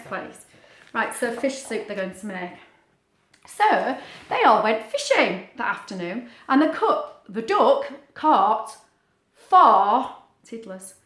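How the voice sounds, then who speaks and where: A woman's voice: on the high side, measured pace. A woman, a teacher reading a picture book to young children with playful asides to a puppet. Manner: animated, playful, sing-song, talks to the puppet. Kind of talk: storytime read-aloud with a puppet. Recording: roomy, echoey sound.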